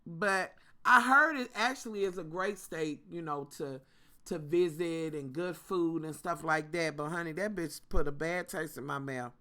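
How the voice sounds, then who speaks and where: Bright-voiced sassy vlogger. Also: medium pitch, a little slow. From Kentucky. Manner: sassy, profane, talks straight to viewers. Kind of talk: casual storytime rant.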